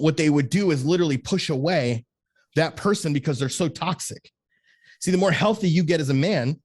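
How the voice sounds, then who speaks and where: Man, motivational host, emphatic, fairly high voice, repeats himself. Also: darkish tone. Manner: emphatic, repeats words when building a point. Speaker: podcast host. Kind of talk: motivational talk to men.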